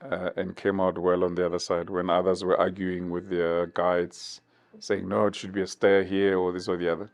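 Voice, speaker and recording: Interview guest, man in his fifties, deep gravelly voice, slow and reflective, faint music behind. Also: flat delivery. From South Africa. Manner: measured, thoughtful, with many pauses and fillers.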